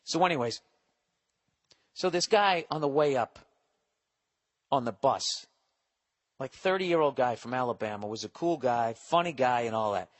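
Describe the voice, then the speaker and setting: A man's voice: mid-range voice, lively intonation, normal speed, long pauses. A man hosting a podcast, telling a comic story in a rambling, profane, exasperated way. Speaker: podcast host. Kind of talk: comedic storytelling monologue.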